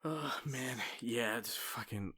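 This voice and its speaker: A man's voice: medium pitch, slow, bright, forceful tone, husky. A man co-hosting a podcast in loose, profane casual chat, rambling with restarts. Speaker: podcast co-host.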